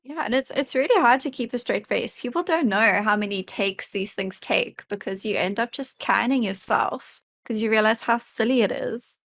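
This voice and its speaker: A woman's voice: fairly high pitch, normal speed, hardly any pauses, a bit bright, no room sound. A woman appearing as a podcast guest, chatting in a laid-back and amused way. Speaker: streamer guest. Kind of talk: casual interview chat.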